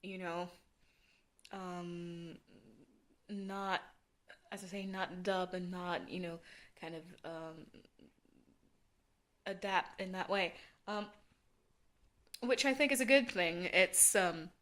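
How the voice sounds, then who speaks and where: Woman, 30s, Norwegian native speaker, General American accent, hesitant, rambling, lots of ums, a little low-pitched. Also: fairly even intonation, slow, long pauses, fairly bright tone. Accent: General American, learned by a Norwegian. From Norway. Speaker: vlogger. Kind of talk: casual rambling monologue.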